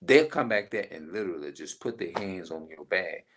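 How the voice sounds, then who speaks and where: Deep gravelly man ranting. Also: animated, moderate pace, a bit bright, slight background noise. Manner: rambling, emphatic, profane. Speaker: vlogger. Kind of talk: casual monologue.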